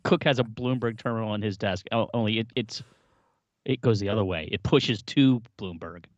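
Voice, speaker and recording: A man co-hosting a casual live tech podcast, sarcastic and animated. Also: lowish voice, normal speed, dry recording, muffled recording. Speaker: podcast co-host. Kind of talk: casual live-stream chat.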